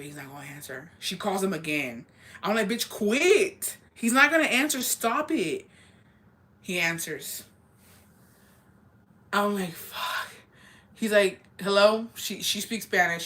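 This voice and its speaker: A woman's voice: fairly low pitch, bright, forceful tone. A young woman telling a casual storytime confession, rambling and swearing, with lots of fillers, often laughing at herself. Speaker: vlogger.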